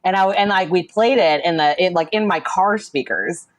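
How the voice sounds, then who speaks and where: Gushing low-pitched woman, dry sound. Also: moderate pace, no echo. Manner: enthusiastic, gushing, many fillers. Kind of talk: casual podcast chat.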